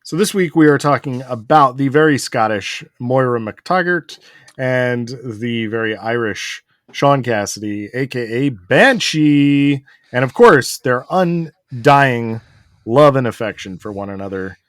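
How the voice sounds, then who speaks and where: A man's voice: mid-range voice, lively intonation, measured pace, no echo, clean studio sound. A man co-hosting a podcast in casual chat, easygoing and steering the topic. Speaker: podcast co-host.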